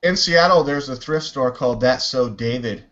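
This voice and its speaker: A man hosting a casual online talk show, telling stories with a loose, animated delivery and swearing freely. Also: mid-range voice, moderate pace, highs cut off. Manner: animated storyteller, swears, mimics others. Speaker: podcast host. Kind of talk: casual chat.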